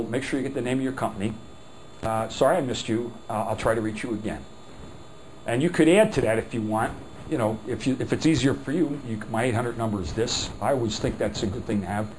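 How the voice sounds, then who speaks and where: A man's voice: mid-range voice, slight background noise, rough recording. A man teaching a sales workshop, talking in a loose, rambling way full of "you know" and breaking into emphatic, exasperated remarks. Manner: folksy, rambling with many "you know" fillers. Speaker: sales trainer. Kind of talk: workshop lecture.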